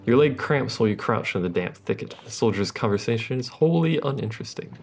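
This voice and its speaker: A man talking casually through a video game, tossing out wry asides and reading the on-screen text aloud. His mid-pitched voice carries a gravelly fry, with clear game music underneath. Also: expressive, fairly quick. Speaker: let's play host. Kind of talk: casual gameplay commentary.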